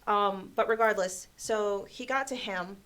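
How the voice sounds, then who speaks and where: A young adult woman hosting a casual livestream, telling stories in an animated way, laughing often and saying "like" a lot. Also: medium pitch, unhurried. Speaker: livestream host. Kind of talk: casual storytelling chat.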